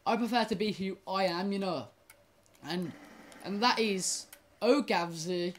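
A woman's voice: medium pitch, unhurried, a little hiss or hum. Rambling young woman gamer. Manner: rambling, stumbling restarts, swears at the game. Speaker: gaming YouTuber. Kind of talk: casual gaming commentary.

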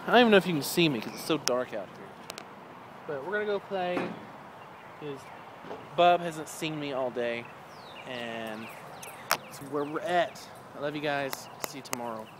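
A man's voice: on the high side, expressive, moderate pace, long pauses. A man chats loosely and rambles in a friendly home vlog. He is recording on a handheld camera outdoors in his yard at night, with faint background noise. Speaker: vlogger. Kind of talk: casual vlog chat.

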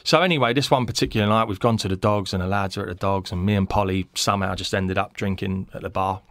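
Male podcast guest, deep and rough-edged, animated yarn-teller who voices his characters. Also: quick pace, dry recording. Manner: animated storyteller, acts out quotes, laughs mid-story. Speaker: podcast guest, former footballer. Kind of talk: casual anecdote telling. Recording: dry close mic in small studio.

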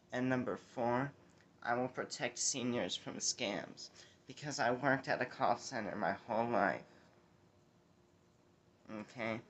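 A man's voice: medium pitch, a bit bright, slight background noise. A man impersonating a rambling, scattered woman politician at a debate, who keeps repeating "okay?". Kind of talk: comedic impression sketch.

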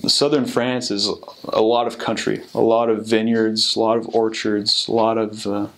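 A young man, a returned missionary, casually telling stories and giving advice in a relaxed, rambling way with many fillers and restarts. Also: fairly low pitch, normal speed. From United States.

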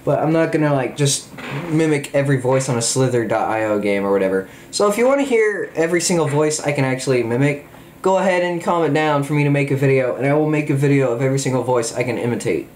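A man giving excited, jokey gameplay commentary, full of exclamations. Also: medium pitch, quick pace, roomy sound, slight background noise. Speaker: gamer.

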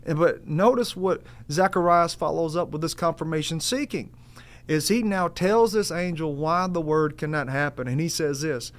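A man's voice: a little high, normal speed. A man preaching a sermon in an earnest, emphatic way, repeating his key phrases and calling the listeners family.

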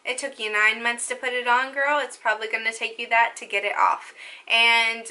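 A woman's voice: a little high, level tone, moderate pace, sharp tone. A young woman with a country accent giving casual, rambling advice to her viewers as a lifestyle vlogger. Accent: Southern US country. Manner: rambling, upbeat, jumps between topics.

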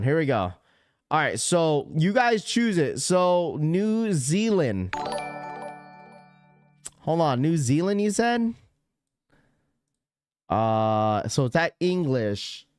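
A man's voice: fairly high pitch, a little mellow. A man hosting a live stream, talking casually and rambling to his chat. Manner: rambling, chatty, talks straight to chat. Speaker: livestream host.

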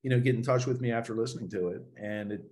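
A middle-aged man, a guest on a podcast. He rambles through his stories with plenty of "like" and "you know," chuckling along the way. His voice is at an ordinary middle pitch. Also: very fast, darkish tone. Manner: rambling, filler-heavy storytelling, chuckles often. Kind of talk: casual storytelling in an interview.

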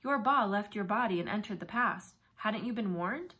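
A woman's voice: mid-range voice, lively intonation, normal speed, sharp tone. Woman voicing a frail ancient magician. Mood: calm.

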